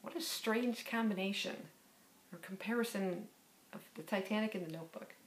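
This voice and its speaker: A woman's voice: mid-range voice, normal speed, slight background noise. A woman in her fifties casually reading through tag questions and answering them in a rambling, filler-heavy way. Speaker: book vlogger. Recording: echoey room.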